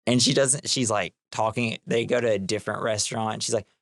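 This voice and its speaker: A man's voice: lowish voice, steady tone, brisk, dry recording, studio quality. Young man rambling through a movie recap. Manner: rambling, filler-heavy retelling with acted-out quotes. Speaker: podcast co-host. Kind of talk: casual chat recapping a film.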